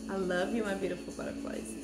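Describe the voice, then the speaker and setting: Mouth full of food, a woman chats casually with viewers of her cooking vlog, warmly addressing them as hunty. Her medium-pitched voice is fast and flat, with loud music playing behind it, in an echoey room with faint noise.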